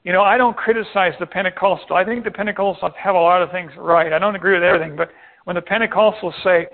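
A man with a notably high voice preaches with animated delivery, acting out the voices of the people in his stories. The sound is thin and tinny, as if it came down a phone line. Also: fast. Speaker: pastor. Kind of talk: sermon.

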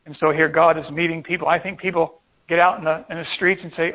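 High-voiced man preaching over a tinny line. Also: fast. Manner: animated preaching, acting out the voices of people in the stories. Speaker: pastor. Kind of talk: sermon. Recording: tinny phone-like sound.

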